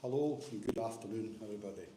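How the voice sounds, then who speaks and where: A man's voice: on the low side, quick pace. A man giving a eulogy for his aunt at a memorial service, friendly with light humor. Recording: echoey hall with faint noise.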